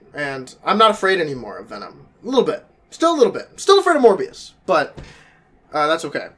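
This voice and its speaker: A young man in his early twenties talks straight to camera in a loose, rambling monologue. His voice sits high for a man and swings widely up and down as he jokes and exaggerates. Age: young adult. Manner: animated, quick shifts in pitch, jokey asides. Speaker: vlogger.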